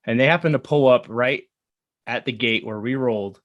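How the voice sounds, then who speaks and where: A man in his thirties telling a personal story in an earnest, halting way, with many fillers and restarts. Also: mid-range voice, dry recording, muffled recording. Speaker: guest. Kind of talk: casual storytelling.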